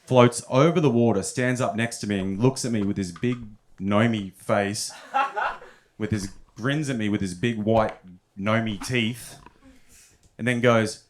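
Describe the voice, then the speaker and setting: A young man telling stories in a stand-up set at a comedy club, often chuckling at his own punchlines. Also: medium pitch.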